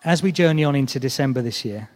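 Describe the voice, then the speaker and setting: Earnest preacher in a hall. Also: male voice, medium pitch, animated, quick pace, darkish tone. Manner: earnest, conversational, checks in with the congregation. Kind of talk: sermon. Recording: long hall reverb.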